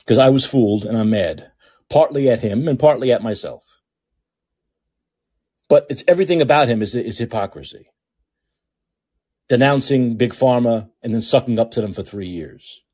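A podcast host giving ranting political commentary, heated, profane and repetitive. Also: male voice, mid-range voice, normal speed, pauses often, warm tone, slightly rough.

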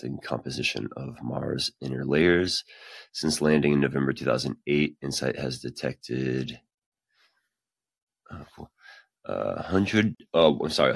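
A man's voice: very deep voice, vocal fry, fairly bright tone, no room sound. A man hosting a podcast, reading science news aloud and breaking off into casual, swearing, self-deprecating asides. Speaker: podcast host.

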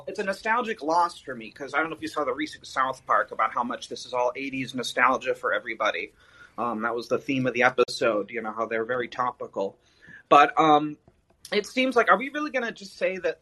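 A man's voice: medium pitch, sharp tone, rough recording. A man in his early thirties calling in to a podcast, talking casually in a rambling, hesitant way with many fillers. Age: 30s. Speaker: caller. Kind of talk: casual chat.

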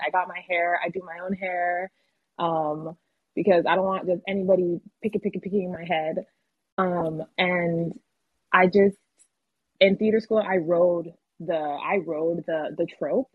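A woman's voice: on the low side, breathy edge, dry recording. A woman actor talking candidly in a casual podcast interview, using slang and laughing often. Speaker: actor guest. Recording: phone-like call audio.

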